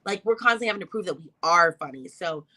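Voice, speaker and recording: A woman from Texas, a comedian, chatting as a guest in an interview, quick and emphatic. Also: fairly low pitch, animated, sharp tone, poor audio. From Arlington, Texas. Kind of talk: casual interview chat.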